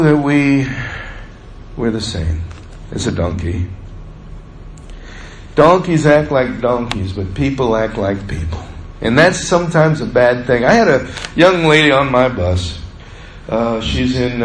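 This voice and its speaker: Folksy preacher in an echoey church. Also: male voice, lively intonation, slight background noise. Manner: folksy storyteller, drawn-out emphasis, dips low on asides. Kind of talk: sermon. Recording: echoey room with faint ambience.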